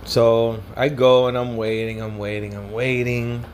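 A man's voice: mid-range voice, level tone, unhurried, a little mellow, a little hiss or hum. A young man from Southern California casually telling a story, rambling and swearing, slipping Spanish slang into his English.

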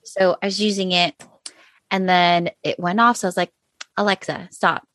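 A woman's voice: lowish voice, level tone, moderate pace, a bit bright, dry recording. A woman co-hosting a casual chat, telling stories with frequent laughter. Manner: laughing storyteller. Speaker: podcast co-host.

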